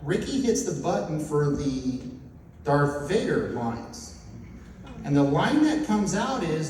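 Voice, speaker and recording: A man's voice: on the high side, slow pace. A man telling a story as a preacher, acting out the voices of the people in it. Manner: animated storyteller acting out dialogue. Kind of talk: storytelling sermon. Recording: echoey hall from far off, noisy.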